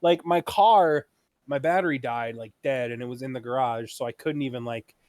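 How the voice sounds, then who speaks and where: A young man chatting on a casual podcast, relaxed as he tells a long story with casual swearing. His pitch sits mid-range. The recording is dry and close to the mic. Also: moderate pace, no room sound. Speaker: podcast co-host. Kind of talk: casual chat.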